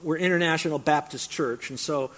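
Man, middle-aged, pastor, expository sermon, slightly raised pitch, animated, emphatic repetition. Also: a little fast. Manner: animated preaching with voiced asides and emphatic repetition.

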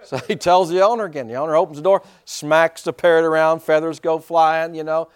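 A male pastor preaching a sermon in an animated way, full of rhetorical questions and chuckling asides. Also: on the high side, fairly quick, clear, resonant tone.

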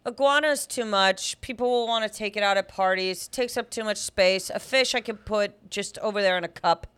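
An American woman co-hosting a chat podcast, trading playful jokes in easy banter. Her pitch sits in the middle range for a woman. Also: normal speed, fairly bright tone, smooth. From United States. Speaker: podcast co-host. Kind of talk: casual chat.

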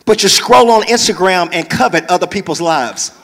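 A man preaching a sermon from the pulpit of a large church, moving between conversational talk and loud hollering. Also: high voice, animated, moderate pace, big-room sound. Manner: preaching, shifts into hollering whoops. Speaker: pastor.

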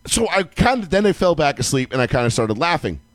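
A man co-hosting a casual sports talk show, telling a long story in a loose, profane way and breaking into yelling when he acts out his own outbursts. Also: a little high, very animated, fairly quick, dry recording. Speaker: podcast co-host.

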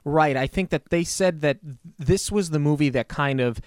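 A man casually discussing a movie as a podcast co-host, chatty and animated with frequent fillers. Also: a little high, normal speed, dry recording, studio quality.

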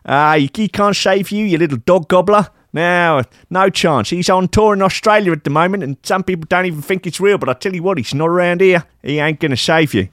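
A man's voice: high voice, fairly quick, few pauses, fairly bright tone, no room sound, clean studio sound, voice pushed up. A man voicing a smug, menacing male DJ interrogating a captive, in a raised put-on voice. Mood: threatening.

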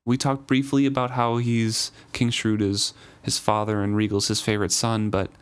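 A man hosting a podcast about a novel reads passages aloud and discusses them earnestly in a casual chat. His voice is fairly low, level and smooth, at a normal speed.

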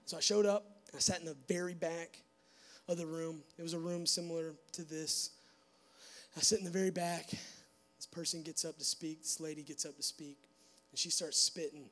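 A young man giving a church testimony to a live audience, animated and full of fillers, acting out bits of dialogue. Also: on the high side, normal speed. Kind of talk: sermon testimony storytelling.

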